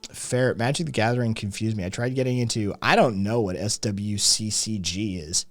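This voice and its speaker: A man's voice: on the low side, moderate pace, no echo, faint music behind. A man hosting a casual livestream, rambling and swearing as he answers chat messages. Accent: slight Southern drawl at times. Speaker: podcast host.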